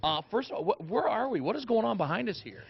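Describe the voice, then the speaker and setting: A man reporting live for a morning TV show from a training shop, energetic and exclamatory as he interviews a guest. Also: sits high, quick pace, vocal fry, breathy edge, dull audio.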